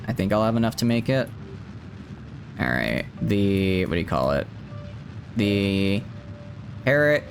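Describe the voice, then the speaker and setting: A man streaming a video game in casual live commentary, thinking aloud and tripping over words as he restarts. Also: lowish voice.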